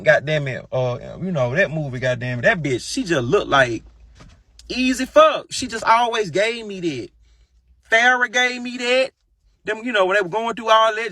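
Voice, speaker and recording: Gravelly, profane man ranting casually. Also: pushed and bright, no room sound. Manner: profane, gossipy, breaks into high falsetto singing and mimicry. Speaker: streamer. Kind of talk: casual rant.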